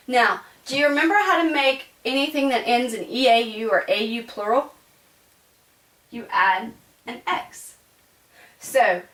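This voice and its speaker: Woman, French teacher, bright and forceful voice, chatty explaining, echoey classroom, distant mic. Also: fairly high pitch. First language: English. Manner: chatty, explaining with frequent "right?" check-ins. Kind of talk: classroom lecture. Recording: echoey room, voice away from the mic.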